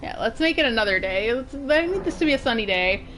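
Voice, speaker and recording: A woman's voice: fairly high pitch, lively intonation, fast talker, a bit bright. A woman from Massachusetts giving casual, rambling commentary while streaming a game. She laughs often.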